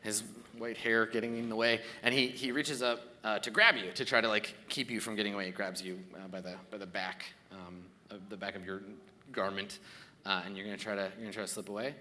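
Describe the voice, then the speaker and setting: A man running a live fantasy tabletop game with a very bright, ringing voice, chatty and full of restarts. He sits at a middle pitch for a man. The hall adds a long reverb and a faint murmur. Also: steady tone, a little hiss or hum. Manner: chatty, halting, many fillers and restarts. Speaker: game master. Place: stage at a large convention hall.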